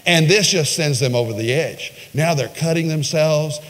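A male pastor preaching a sermon, retelling a story with dramatic pitch swings and voiced quotes. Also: fairly quick, few pauses, fairly bright tone. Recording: long reverb of a large hall.

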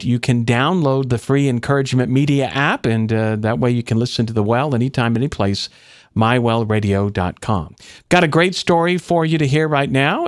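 A man's voice: medium pitch, dry recording. Male radio host with a dry voice. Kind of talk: radio station announcement.

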